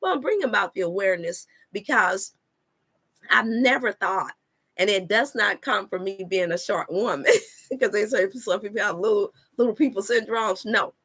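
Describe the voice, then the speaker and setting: A woman's voice: mid-range voice, a bit bright. A woman hosting a live stream, preaching to her viewers in an emphatic, repetitive way, full of scripture and talk to "y'all". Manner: addresses viewers as y'all and you all. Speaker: wellness coach and channel host.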